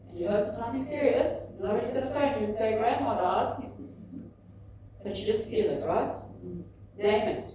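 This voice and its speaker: A woman in her fifties giving a candid, animated talk at a book launch, telling personal stories to an audience. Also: on the high side, moderate pace, pauses often, noisy background. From South Africa. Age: 50s. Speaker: author and speaker. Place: large indoor event room. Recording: echoey hall, mic at a distance.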